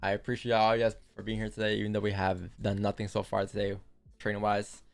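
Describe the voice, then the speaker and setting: A man's voice: fairly low pitch, monotone, fast talker, gravelly, clean tone, faint music behind. A young man hosting a live trading stream, chatting casually and directly to his viewers in a laid-back way. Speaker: livestream trading host. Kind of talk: casual livestream chat.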